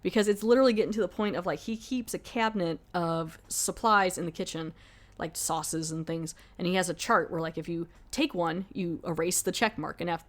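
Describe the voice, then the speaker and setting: Woman chatting casually about movies. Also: fairly low pitch. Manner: rambling retelling with lots of 'like'. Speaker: podcast host. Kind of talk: casual film review chat.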